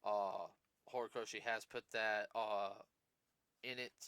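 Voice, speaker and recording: A man's voice: lowish voice, steady tone, unhurried, a bit bright, clear, resonant tone, dry recording. A man hosting a casual podcast, rambling through his points with plenty of fillers and restarts. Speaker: podcast host.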